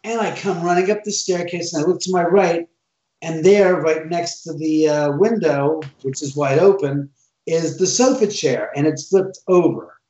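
Man, animated storyteller, distant mic, dull lo-fi sound. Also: fairly high pitch, normal speed, echoey room. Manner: animated, acts out quoted dialogue. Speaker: homeowner telling ghost stories. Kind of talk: casual storytelling.

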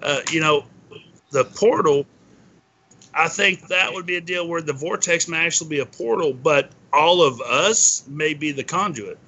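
A man speaking in a casual discussion, theorizing in halting, rambling phrases. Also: a little high, sharp tone, dull audio.

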